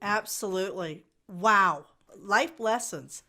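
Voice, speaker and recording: A woman's voice: medium pitch, takes it slowly, bright, forceful tone. A woman hosting a podcast who sounds enthusiastic, talks straight to her listeners and asks her guest questions. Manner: enthusiastic, addresses listeners directly. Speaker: podcast host. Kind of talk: casual interview.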